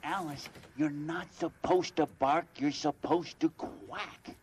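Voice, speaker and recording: An actor playing a huge, gentle, shaggy creature who talks slowly and softly. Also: male voice, on the high side, fairly even intonation, very noisy. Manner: slow, drawling, sleepy and soft.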